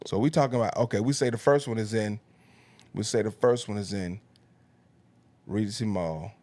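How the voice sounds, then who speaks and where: A man, telling comic stories on a podcast with laughs and big pitch jumps. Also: moderate pace, a little mellow, no room sound. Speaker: comedian guest. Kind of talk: podcast storytelling.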